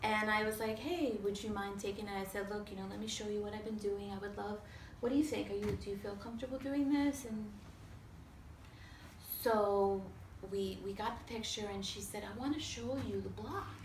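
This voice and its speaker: A woman telling a lively personal story to a small audience, acting out other people's voices and swearing casually. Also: mid-range voice, moderate pace. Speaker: storyteller on a talk show. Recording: roomy sound from a distance with faint noise.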